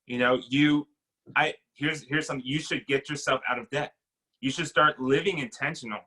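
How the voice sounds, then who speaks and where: Bright-voiced young man preaching casually. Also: medium pitch, steady tone, poor audio. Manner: conversational, acts out dialogue in quick voices. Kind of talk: casual sermon.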